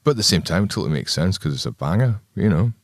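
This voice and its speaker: A male band member telling an animated anecdote in an interview, slipping into impressions and laughing along the way. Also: low voice, rapid-fire, heavy background noise. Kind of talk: storytelling interview.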